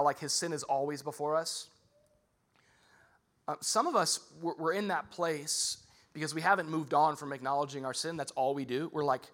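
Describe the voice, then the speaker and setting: A young adult man preaching a sermon as a pastor, talking casually and swinging between loud emphasis and soft, earnest passages. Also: fairly high pitch.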